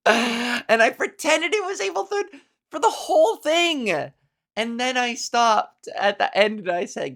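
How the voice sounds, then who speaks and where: Young woman doing a solo comedy podcast, talks slow, rambles, giggles, lots of fry. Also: high-pitched, very animated, fairly bright tone. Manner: rambling, giggly, breaks into silly voices.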